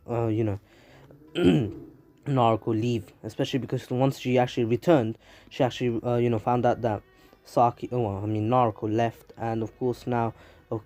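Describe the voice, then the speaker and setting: A young man with a London accent, who hosts a YouTube anime channel, casually recaps a story from his city home while traffic sirens sound outside. His mid-range voice is mellow, with no echo. He rambles, using lots of fillers and restarts.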